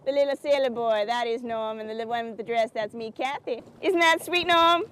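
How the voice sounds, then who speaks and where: Actress as a perky craft-show host, high, folksy and sugary; outdoors by a lake. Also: female voice, fairly quick, a bit bright, smooth, lightly acted, rough recording. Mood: cheery. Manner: chirpy, folksy and sugary, keeps asking "isn't that sweet". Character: perky, oblivious small-town woman who hosts a craft show. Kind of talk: comedic public-access TV hosting.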